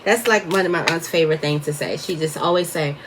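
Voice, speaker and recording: A woman's voice: low-pitched, fast talker, a little hiss or hum. A woman giving a casual tarot reading, chatty and wandering off topic as she talks to her viewers. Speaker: tarot reader.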